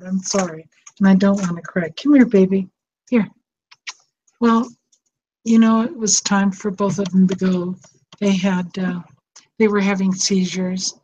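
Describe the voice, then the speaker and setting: A woman's voice: mid-range voice, a little mellow. An older woman, a psychotherapist hosting a show, talking in an emotional, tender, rambling way. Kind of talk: casual heartfelt chat. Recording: dull lo-fi sound with faint noise.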